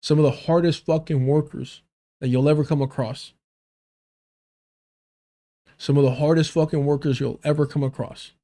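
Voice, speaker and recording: A man's voice: fairly high pitch, steady tone, normal speed, pauses often, warm tone. A man from the United States ranting as a livestream commentator, blunt and profane, repeating lines for emphasis. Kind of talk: heated commentary rant.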